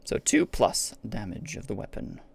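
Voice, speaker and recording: A man running a tabletop game as game master, explaining the rules patiently in an easygoing way. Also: normal speed.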